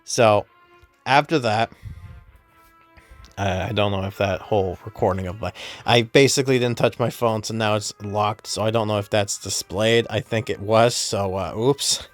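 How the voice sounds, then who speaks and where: A man's voice: on the low side, fairly even intonation, normal speed, soft background music. A man casually recapping a game story as a YouTuber, rambling with many fillers and self-corrections. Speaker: gaming YouTuber.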